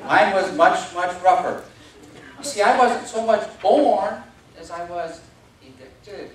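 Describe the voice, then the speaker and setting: A man giving a humorous contest speech in an animated, self-mocking storytelling manner, in a large hall with a live audience. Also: high voice, takes it slowly, heavy background noise. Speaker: contest speaker. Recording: echoey hall, distant mic, audience laughter.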